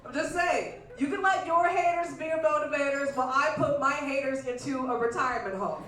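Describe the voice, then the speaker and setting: High, bright-voiced woman doing stand-up. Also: a little fast, recorded from a distance, a little hiss or hum. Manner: playful, acts out quotes in exaggerated voices. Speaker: stand-up comedian. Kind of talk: stand-up comedy set. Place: comedy club stage. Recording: echoey club room miked from afar. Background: audience laughter.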